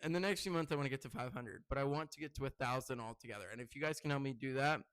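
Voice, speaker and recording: A man's voice: mid-range voice, racing, fairly bright tone, smooth. A young man vlogging straight to camera about his own channel. He talks in a loose, rambling way, full of "like" and restarts, and keeps working himself up into an indignant rant. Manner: rambling and heated, heavy use of "like". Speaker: content creator. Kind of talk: casual vlog rant to camera.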